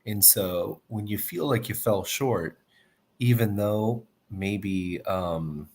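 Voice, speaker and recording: A man's voice: fairly low pitch, slow pace, a little mellow, breathy edge. A man speaking as a podcast guest in casual chat, thinking aloud in a reflective, hesitant way. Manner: reflective and hesitant, many restarts.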